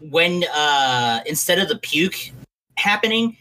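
A man's voice: fairly high pitch, lively intonation, slow pace, sharp tone, rough recording. A man co-hosting a casual wrestling podcast, emphatic, acting out what a wrestler should have said. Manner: emphatic, acts out lines. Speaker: podcast co-host.

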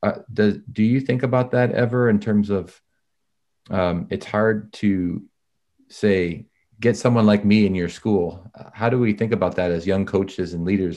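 A man hosting a podcast, asking long, thoughtful questions in a measured way, with careful hedges and restarts. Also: low-pitched, mellow. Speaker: podcast host, interviewer. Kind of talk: interview questions.

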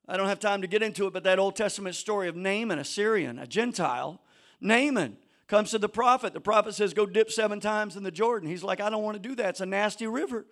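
A man preaching a sermon to a church congregation, swinging between shouted exhortation and low conversational asides. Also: quick pace. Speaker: pastor.

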